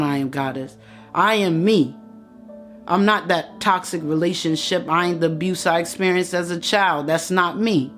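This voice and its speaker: A woman giving an impassioned motivational address, preaching straight at her listeners and repeating phrases for emphasis. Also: sits low. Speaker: motivational speaker.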